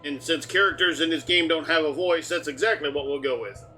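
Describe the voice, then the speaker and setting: Male streamer, bright, slightly high voice, loose joking chatter, faint game music behind. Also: a little fast. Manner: rambling, joking, talks through on-screen prompts. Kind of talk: casual live game commentary.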